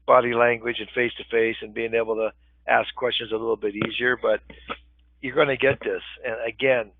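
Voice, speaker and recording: An older man with a gravelly voice leads a live webinar in a relaxed, conversational way, pausing often to check in with his listeners. The audio is thin and phone-like. There is no room echo at all. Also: mid-range voice. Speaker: real estate webinar instructor. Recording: tinny phone-line webinar audio, dry.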